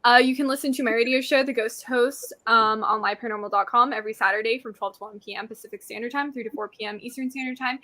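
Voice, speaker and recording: A chatty woman guest on a casual talk show, quick to laugh and loose with her fillers. Her voice is bright and sits on the higher side. She talks in a relaxed, easygoing way. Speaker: radio show host guest. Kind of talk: casual chat.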